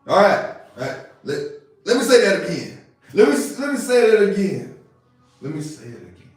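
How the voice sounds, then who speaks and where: A man's voice: a little high, big pitch swings, brisk. A man hosting a podcast, giving a casual motivational monologue, repeating himself and asking if listeners see what he means. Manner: casual, preachy, repeats phrases, asks "you see what I'm saying". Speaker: podcast host. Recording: roomy echo with faint music.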